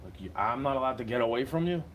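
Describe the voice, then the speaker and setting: A man's voice: medium pitch, animated, fast talker. A young man with a mid-range voice rants on in a car. His talk is agitated, profane and rambling, with faint noise behind him. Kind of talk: casual ranting monologue.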